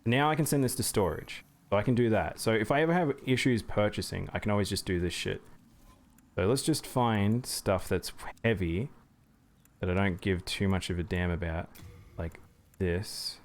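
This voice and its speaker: A man's voice: lowish voice, normal speed, a little hiss or hum. A man streaming live gameplay, chatting with viewers as he plays. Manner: chatty, reacts to chat and thanks viewers.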